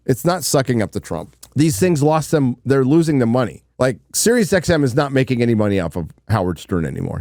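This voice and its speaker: A man's voice: fairly low pitch, a little mellow, dry recording, studio quality. A man hosting a livestream, giving blunt, rambling commentary and swearing casually. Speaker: livestream host.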